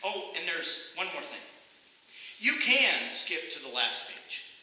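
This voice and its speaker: A male pastor preaching a sermon in a church, conversational and animated, with many rhetorical questions. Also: a little high, takes it slowly. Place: church sanctuary. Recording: echoey hall, faint hiss.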